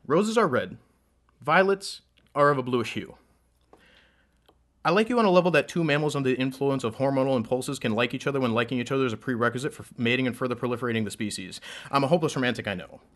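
A man performing spoken word poetry in a rhythmic, dramatic delivery that swells loud and drops low.

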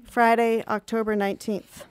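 A woman in her thirties reading her own diary entries aloud in a calm, measured, reflective way. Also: fairly high pitch, smooth. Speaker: reader of her own journal.

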